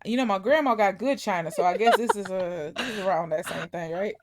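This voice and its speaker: A woman co-hosting a podcast in casual chat, blunt and profane, with quick joking asides. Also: mid-range voice, background noise. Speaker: podcast co-host.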